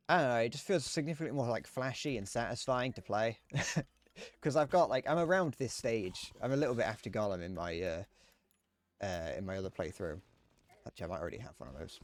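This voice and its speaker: A young man streaming a game, rambling casually with frequent restarts and chuckles. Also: fairly low pitch. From Britain. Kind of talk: casual gameplay commentary.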